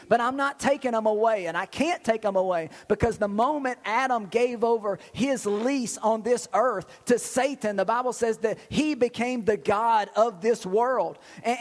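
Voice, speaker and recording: A male pastor preaching a sermon in a folksy, animated way, cracking blunt jokes. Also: high-pitched, long reverb tail.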